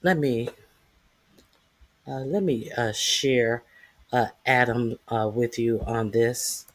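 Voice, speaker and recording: A man hosting his own news commentary channel, introducing clips in a halting way with many fillers. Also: mid-range voice, fairly even intonation. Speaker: channel host.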